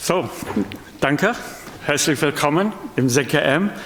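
A man's voice: a little high, lively intonation, unhurried, noisy background. A man whose first language is English, giving an informal welcome speech as a museum director from a stage, chatty and a little self-mocking. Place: stage in a large hall. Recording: long hall reverb.

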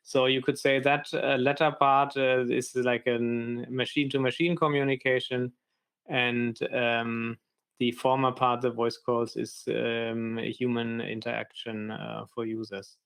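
Hesitant man with gravelly, flat voice. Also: medium pitch, measured pace. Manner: hesitant, many fillers. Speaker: presenter. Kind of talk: technical presentation on a developer call.

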